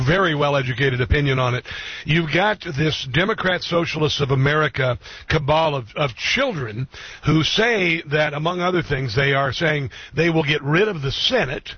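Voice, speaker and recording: A man's voice: on the high side, slightly rough, no echo. A man hosting a political talk radio show, indignant and emphatic, firing off rhetorical questions. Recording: dull lo-fi radio sound, dry.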